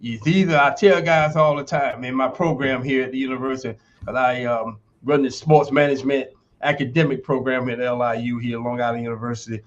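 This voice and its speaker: This former football player turned university instructor, now in his sixties, guests on a podcast, emphatically telling stories and performing quoted dialogue. His medium-pitched voice is brisk with fairly even intonation, over dull lo-fi stream audio.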